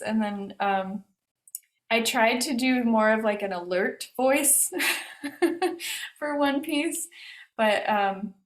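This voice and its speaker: A woman artist answering questions over a video call, talking casually and hesitantly with many fillers and restarts. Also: medium pitch. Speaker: artist discussing her exhibition. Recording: roomy echo on a video call.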